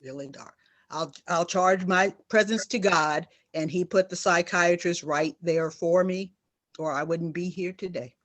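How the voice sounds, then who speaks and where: On a panel, a middle-aged woman who works as a nurse shares her own experience earnestly and emphatically, repeating key phrases to drive them home. Her voice sits lowish and steady, and she talks a little slowly.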